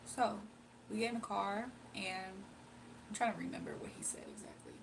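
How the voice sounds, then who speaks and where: A woman's voice: medium pitch, wildly swooping pitch, normal speed, gravelly, noisy background. A tired young woman casually telling a rambling personal story on her livestream. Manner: rambling, slangy, confiding. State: sleepy and tired. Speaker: livestream host.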